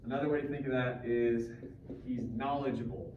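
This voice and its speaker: This high school English teacher has a mid-range voice with fairly even intonation and talks fairly quickly. He keeps the class discussion casual and joking while quizzing students. The sound is distant and roomy in a classroom, dull, with faint noise.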